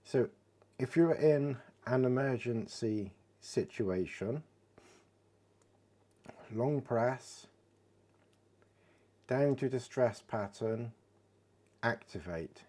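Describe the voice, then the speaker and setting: Slow-talking British man demoing a watch. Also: medium pitch, warm tone. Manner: chatty, giggles at his own jokes. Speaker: watch reviewer. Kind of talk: casual product demo.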